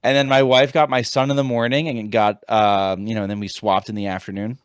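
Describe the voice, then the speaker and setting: A man in his thirties from the United States, a teacher co-hosting a podcast, telling a casual story in a rambling, animated way with many restarts. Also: on the low side, fairly quick, smooth, dry recording, studio quality. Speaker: podcast co-host, high school teacher. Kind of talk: casual chat.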